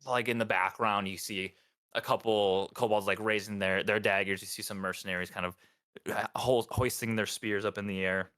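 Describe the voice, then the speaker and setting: A man's voice: on the low side, fairly even intonation, normal speed, fairly bright tone, clear, resonant tone. A man narrating as dungeon master for a tabletop game, hesitant and full of ums. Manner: hesitant, lots of ums, voices characters in passing.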